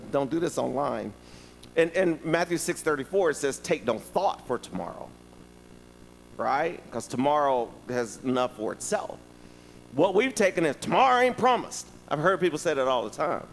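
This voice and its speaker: A man preaching a sermon, telling stories and talking directly to the congregation in a lively, conversational way. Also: on the high side, moderate pace, creaky, long reverb tail, a little hiss or hum, low-quality recording. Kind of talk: sermon with storytelling.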